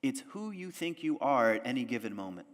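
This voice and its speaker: A man's voice: medium pitch, sing-song, fairly quick. A male pastor giving a conversational sermon to a church audience, often asking them questions. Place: church sanctuary. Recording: long church reverb.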